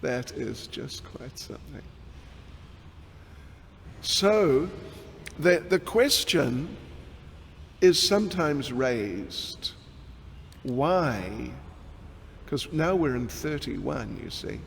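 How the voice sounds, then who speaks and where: A man, a swami, giving a scripture class as a sermon, talking slowly and deliberately and clearing his throat often. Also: medium pitch, expressive. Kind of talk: sermon-style scripture lecture. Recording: long hall reverb with faint background noise.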